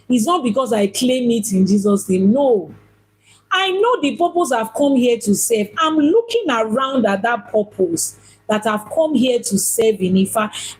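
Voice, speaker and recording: A woman's voice: on the high side, darkish tone, slightly rough, rough recording. A woman giving a spiritual teaching talk as an Ifá priestess, emphatic and repeating phrases for stress.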